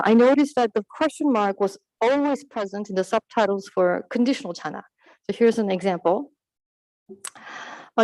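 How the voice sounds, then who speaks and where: A woman's voice: mid-range voice, a little mellow, dry recording, poor audio. A woman presenting her research at an academic conference, explaining carefully and correcting herself with fillers and restarts.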